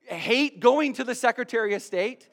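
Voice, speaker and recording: Pastor, male, high and bright voice, animated sermon storyteller who stumbles over his words. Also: moderate pace. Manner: animated, stammering repeats of words, building excitement.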